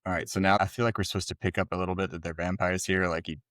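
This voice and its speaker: A male podcast co-host chats casually about a film, relaxed, laughing often and swearing freely. His low-pitched voice races along. The recording is dry, with clean studio sound.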